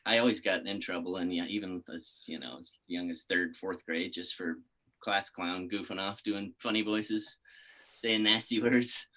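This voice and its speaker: A man's voice: low-pitched, steady tone, normal speed, bright, forceful tone, low-quality recording. A man in his thirties from Texas, a podcast guest chatting casually, laid-back, laughing often and swearing freely. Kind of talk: casual interview chat.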